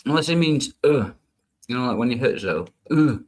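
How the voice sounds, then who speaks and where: A man hosting a loose livestream chat, his voice lively and bouncing up and down as he jokes crudely. He laughs often and keeps the banter rolling with his guests. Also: medium pitch, fairly quick. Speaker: livestream panel host. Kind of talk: casual chat.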